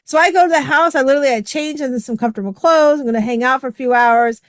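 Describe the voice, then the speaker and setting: High-pitched and quick, this middle-aged woman's voice comes through with no room sound. As a podcast host she tells a personal story conversationally, using lots of fillers and acting out what others said.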